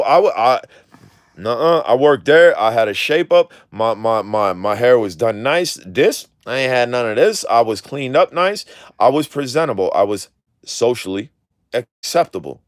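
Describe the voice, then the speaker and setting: A drone video creator with a mid-range, expressive voice talks at a normal speed in a casual live-stream chat, full of slang, clipped words, rambling, and free swearing. The recording is dry with clean studio sound.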